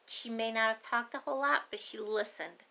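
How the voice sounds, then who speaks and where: A woman's voice: fairly high pitch, fairly even intonation, fairly quick, gravelly, bright, forceful tone. A middle-aged grandmother telling family stories in a folksy, meandering, chatty way. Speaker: grandmother vlogger. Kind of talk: rambling storytelling.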